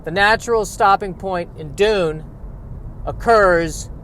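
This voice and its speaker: A man's voice: high-pitched, takes it slowly, a bit bright, slight background noise. A man hosting a solo comedy podcast from inside his car, delivering self-deprecating rants and comic asides while he drives. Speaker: podcast host. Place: in a car, driving and parking.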